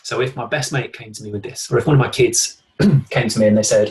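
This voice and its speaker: A man's voice: medium pitch, fairly quick, a little mellow. Man leading an online workshop. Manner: conversational, uses acted self-talk examples. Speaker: workshop presenter. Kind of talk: live online workshop talk. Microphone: video call.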